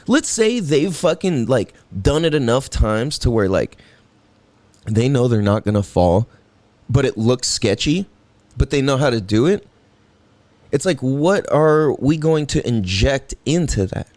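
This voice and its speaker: A man's voice: medium pitch, darkish tone, no echo. A young man hosting a podcast, talking in a rambling, profane way and laughing at his own tangents. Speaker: podcast host. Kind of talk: casual solo podcast monologue.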